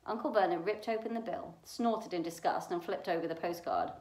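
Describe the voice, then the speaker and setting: A woman reading a novel aloud for a library storytime, in an expressive way. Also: on the low side, a little fast. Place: library room. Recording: echoey room.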